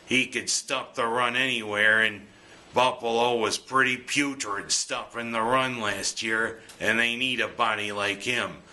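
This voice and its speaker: Slow, bright-voiced man. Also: mid-range voice, steady tone. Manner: jokey, punning, breaks into goofy singing. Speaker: sports commentary host. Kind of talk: scripted sports commentary.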